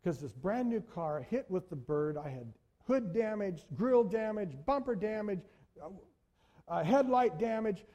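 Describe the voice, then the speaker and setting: A man preaching a sermon in church, telling stories with animated delivery and speaking directly to the congregation. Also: high-pitched, a little slow, muffled recording. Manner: animated storytelling, addresses congregation as folks. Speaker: pastor.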